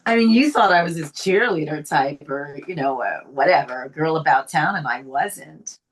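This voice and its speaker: An older actress from the Bronx with a faint New York accent, telling stories in a casual interview and laughing often. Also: female voice, deep voice, normal speed. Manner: animated storyteller, laughs often. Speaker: actress guest.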